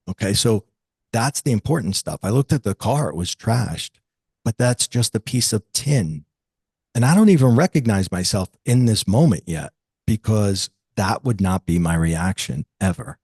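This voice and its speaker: A man in his fifties, a metaphysical teacher, telling a personal story as an interview guest, reflective and lively when he quotes others. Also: fairly low pitch, husky, no echo.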